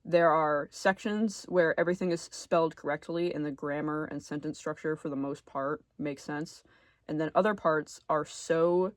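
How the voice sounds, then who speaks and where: A man giving a casual commentary video essay, chatty and full of fillers, often trailing off quietly at the ends of phrases. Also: a little high, dry recording, clean studio sound.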